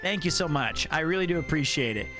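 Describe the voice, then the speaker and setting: A man's voice: fairly high pitch, expressive, fast, over music. A man livestreaming and chatting casually with viewers, playful and joking, swearing freely.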